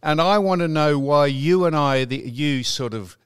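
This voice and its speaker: An older Australian man hosting a talk show, telling stories in an animated, teasing way and mimicking the people in them. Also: a little high, normal speed, smooth. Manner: animated, teasing, retells with quoted voices. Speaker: radio host. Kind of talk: banter and storytelling.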